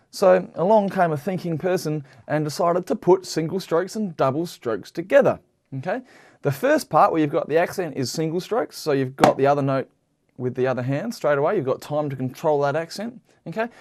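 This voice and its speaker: A man's voice: on the high side, a little mellow. A man giving a patient, explanatory drum lesson, counting out sticking patterns and often checking in with the listener. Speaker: drum teacher. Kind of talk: instructional lesson.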